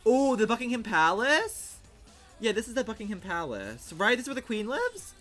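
A young man livestreaming and commenting casually on a game he is playing, in a sassy, theatrical way that swings into outraged shouts. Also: sits high, sing-song, normal speed, faint music behind.

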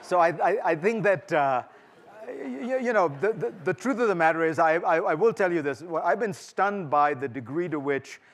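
A man's voice: high voice, animated, moderate pace. A middle-aged man speaking to a festival audience, thoughtful and full of restarts and fillers, then taking questions. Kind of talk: festival talk and Q&A. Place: large lecture hall.

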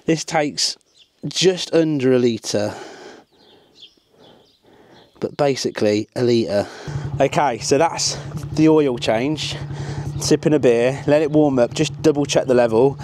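A man's voice: medium pitch, slow pace, pauses often, a little mellow. A man vlogging casually while working on his motorbike, jokey and chatty. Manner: jokey, chatty, laughs often. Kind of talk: casual vlog chat.

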